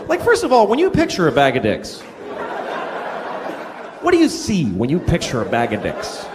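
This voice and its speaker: A middle-aged man doing a stand-up comedy set, telling stories in a wry, profane way, recorded live in a large theater. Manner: wry, profane storytelling with big pitch swings. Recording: live hall with audience and background noise.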